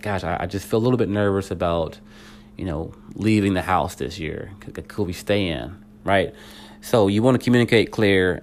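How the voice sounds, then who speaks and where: A man's voice: deep voice, slight background noise. A man giving parenting advice in a rambling, conversational way, full of fillers and restarts, talking straight to his listeners. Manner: conversational, addresses listeners directly. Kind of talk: casual spoken talk.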